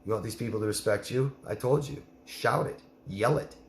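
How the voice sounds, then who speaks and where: A man's voice: on the low side, normal speed, creaky, reverberant, slight background noise. A man coaching a listener in a live Q&A, blunt and emphatic, repeating her name as he gives advice. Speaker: life coach.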